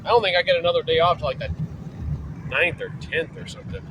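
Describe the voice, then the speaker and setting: On an early morning drive, a man vlogs casually from a moving vehicle, his slightly high, expressive voice moving fast over very heavy noise. He rambles loosely and profanely, trailing off with fillers.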